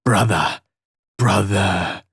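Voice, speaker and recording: A man voicing a hoarse, stammering male demon who cackles and repeats his words. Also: lowish voice, fairly even intonation, slow, darkish tone, no echo, studio quality, full character voice. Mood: mocking.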